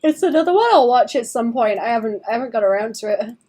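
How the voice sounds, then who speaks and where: A woman's voice: a little high, animated, quick pace, mellow, breathy edge. Sleepy, chatty young woman streamer. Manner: chatty, rambling, laughs often. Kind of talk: casual chat while drawing.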